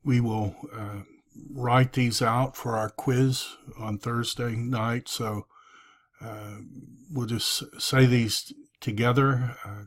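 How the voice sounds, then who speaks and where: A man teaching a recorded review lesson, drilling forms aloud in a slow, deliberate way with frequent fillers. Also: mid-range voice, steady tone.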